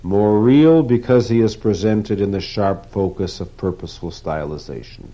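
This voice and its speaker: A man gives a formal literary lecture, speaking in a measured and deliberate way. His voice is very deep and mellow. The recording is dull and lo-fi. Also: slight background noise. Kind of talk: literary lecture with read quotations.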